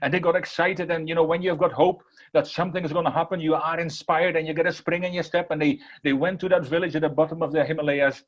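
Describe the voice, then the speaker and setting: A man's voice: a little high, steady tone, fast talker, few pauses, muffled recording. A man giving an inspirational talk, repeating phrases earnestly and then telling a parable. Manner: earnest, repetitive, emphatic. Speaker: motivational speaker.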